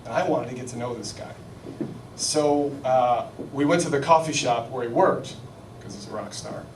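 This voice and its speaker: A man doing stand-up, telling a rambling, self-mocking story in an animated way. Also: medium pitch, moderate pace, noisy background. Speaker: stand-up comedian. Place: comedy stage before a live audience. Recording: echoey live venue, mic at a distance, loud crowd. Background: audience laughter.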